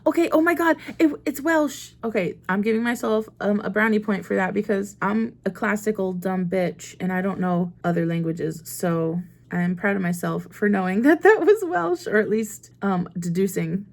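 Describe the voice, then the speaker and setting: A young American woman from the United States chats casually on her book vlog, rambling and frequently laughing at herself. Her voice is mid-range and gravelly, and she talks at a moderate pace.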